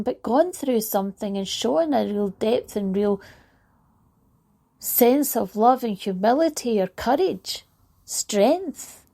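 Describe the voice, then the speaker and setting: Gravelly-voiced woman telling a story. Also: a little high. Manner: warm anecdotal storytelling, laughs lightly. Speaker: motivational speaker. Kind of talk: reflective talk with storytelling.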